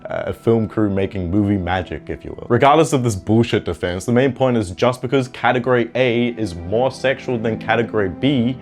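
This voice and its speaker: A man's voice: medium pitch, brisk, few pauses, a little mellow, faint music behind. A man giving mocking, incredulous drama commentary. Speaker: commentary YouTuber.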